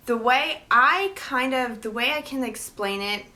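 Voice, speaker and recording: A young woman from New Jersey, a book vlogger chatting casually to camera, talking fast and tripping over her words. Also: a little high, sharp tone. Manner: fast, tumbling speech, trips over words.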